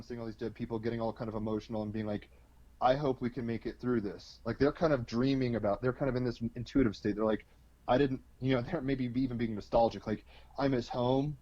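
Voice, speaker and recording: Speaking as an interview guest, a man explains astrology in loose, colloquial talk packed with fillers and the occasional swear word. His voice sits at medium pitch with a darkish tone. The recording has no echo and its highs are cut off.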